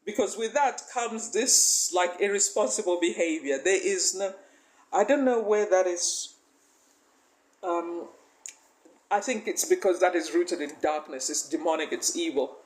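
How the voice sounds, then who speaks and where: A woman's voice: lowish voice, a little slow, poor audio. Laughing, emphatic woman life coach. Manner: emphatic, often breaks into laughter; asks the listener rhetorical questions. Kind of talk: motivational faith-based coaching talk.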